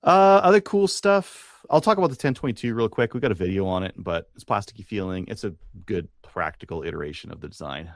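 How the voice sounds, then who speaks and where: Low, gravelly-voiced man chatting. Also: fast, hardly any pauses, no echo, studio quality. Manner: relaxed, rambling with fillers and restarts. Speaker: podcast co-host. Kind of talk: casual chat.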